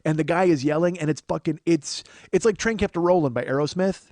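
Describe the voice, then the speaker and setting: A man in his forties hosts a comedy podcast, rambling, mocking himself and swearing freely in casual chat. His pitch is fairly high and he talks a little fast, with a noisy background.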